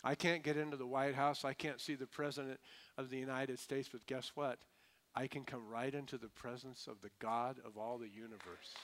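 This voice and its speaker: A man preaching a sermon, his voice rising to emphatic peaks and then dropping to hushed, low lines. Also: steady tone, moderate pace, slight background noise.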